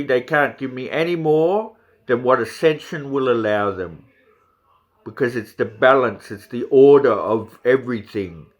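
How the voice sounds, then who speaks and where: A man, a channeller, musing hesitantly in a reflective spiritual monologue. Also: mid-range voice.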